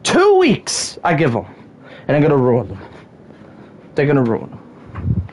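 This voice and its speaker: A woman's voice: deep voice, wildly swooping pitch, unhurried, darkish tone, slight background noise. A woman hosting a podcast, ranting in exasperation, often sighing and stammering. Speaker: podcast host. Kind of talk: solo wrestling rant podcast.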